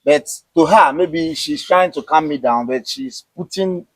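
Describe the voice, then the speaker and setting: A man's voice: a little high, unhurried, no room sound, rough recording. A man being interviewed with his wife, explaining at length in casual chat, often repeating words and asking "you understand?". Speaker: interviewed husband.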